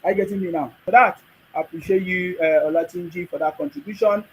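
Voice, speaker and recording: Talking fast on his live stream, a man with a Nigerian accent and a noticeably high voice hammers his points home and repeats them. He responds preachily to viewers' comments, and the low-quality recording has slight background noise.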